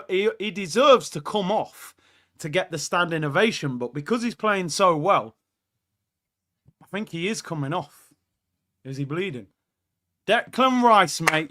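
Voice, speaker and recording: Bright, high-voiced excitable male streamer. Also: unhurried. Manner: excitable, reacts aloud to live play and reads chat. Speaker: watchalong host. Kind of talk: live football watchalong reaction. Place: indoor room.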